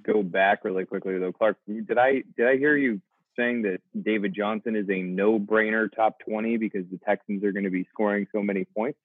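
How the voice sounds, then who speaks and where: A man's voice: lowish voice, steady tone, moderate pace, no room sound. A man co-hosting a casual fantasy football podcast, blunt and opinionated. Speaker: podcast co-host. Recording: tinny phone-like remote line.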